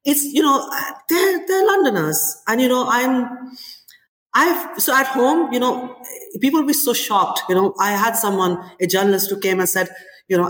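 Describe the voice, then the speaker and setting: A woman in her forties, a chef and restaurant owner, talking in an interview in an animated storytelling way with many "you know"s. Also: a little high, normal speed. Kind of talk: interview conversation. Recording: echoey room with long reverb.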